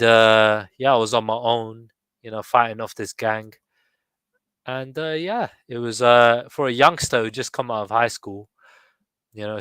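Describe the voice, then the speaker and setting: A man in his thirties reading his own poem slowly and chatting with some hesitant restarts. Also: mid-range voice, a bit bright, clear, resonant tone, no echo, low-quality recording. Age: 30s. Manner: slow deliberate recitation, hesitant restarts in chat. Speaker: poet reading his work. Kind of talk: casual online chat and poetry reading.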